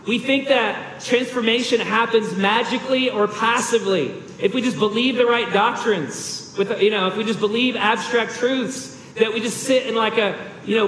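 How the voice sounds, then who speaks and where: A man's voice: high voice, fairly bright tone, echoey room, big-room sound, a little hiss or hum, low-quality recording. A man preaching a sermon as a pastor, earnest and emphatic, with rhetorical questions.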